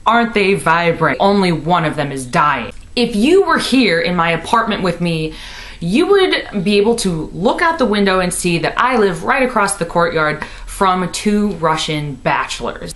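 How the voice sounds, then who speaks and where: A woman in her twenties from Missouri, telling a comic story to the camera in her apartment, bubbly and animated, full of "like". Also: fairly low pitch. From Missouri, USA. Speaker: comedy vlogger. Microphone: camera in her room.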